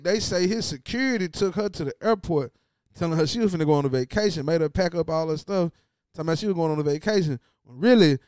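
Smooth-voiced man riffing on his podcast. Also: sits high, dry recording, clean studio sound. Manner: animated, repeats himself for emphasis, slangy. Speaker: podcast host. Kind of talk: casual solo podcast monologue.

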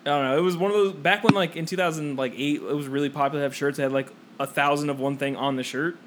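A man's voice: on the high side, fairly even intonation, fast talker, noisy background. A young man co-hosting a podcast, rambling through a school story, laughing often and acting out the people in it. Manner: rambling, laughing, swears a lot, acts out quotes. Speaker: podcast co-host. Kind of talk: casual storytelling among friends.

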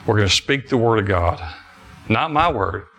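Fervent preacher man, bright voice. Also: fairly low pitch, animated, moderate pace, gravelly. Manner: fervent preaching with repetitions and restarts. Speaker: pastor. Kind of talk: sermon.

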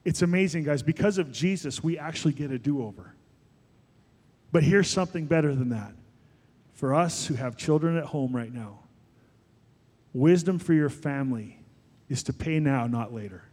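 Man, pastor, sermon, emphatic, somewhat high voice, long hall echo. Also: normal speed, pauses often, husky. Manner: animated, emphatic preaching with rising peaks. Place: church sanctuary.

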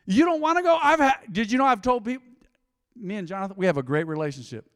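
A man with a high, very animated voice preaches a conversational sermon from the pulpit. He swings from loud bursts down to near-whispers. The sound rings with the long reverb of a church hall. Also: quick pace, clean tone. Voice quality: lively, conversational preaching with sudden loud bursts and quiet drops. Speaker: pastor.

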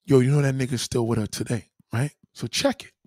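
A man casually telling a profane story to his followers, animated and slangy, often asking "you know what I mean". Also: mid-range voice, fairly quick, slightly rough, no room sound, clean studio sound.

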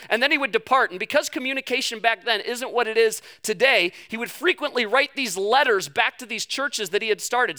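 A man delivers a conversational sermon at a church service. His voice sits very high and sounds bright. He talks in an animated way and slips in jokes and playful asides. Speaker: preacher. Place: church service before a congregation.

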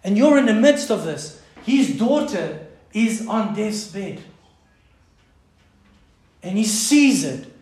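A South African pastor preaches with a high-pitched voice, his passionate delivery dropping now and then into near whispers. The sermon rings out through a strongly echoing church hall. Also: lively intonation, slow, pauses often. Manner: impassioned preaching, swinging from loud to hushed.

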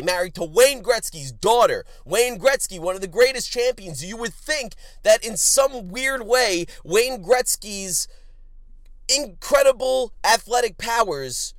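A man hosting a sports betting podcast, crude and joking, swinging from loud outbursts to low mutters. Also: dry recording, clean studio sound. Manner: animated, swings from shouting to muttering. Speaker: podcast host.

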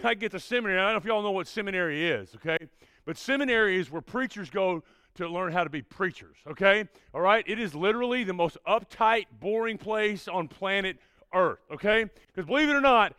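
A man, a preacher telling a youth group a story in an energetic way and checking in with "all right?" after almost every line. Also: high voice, clean tone, no room sound.

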